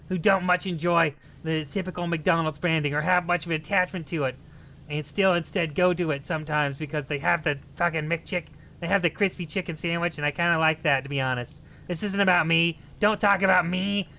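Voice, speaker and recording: A woman's voice: lowish voice, fairly even intonation, brisk, sharp tone, slight background noise. Woman streamer, rambling and sardonic. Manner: rambling, sarcastic, swears casually. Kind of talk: casual livestream commentary.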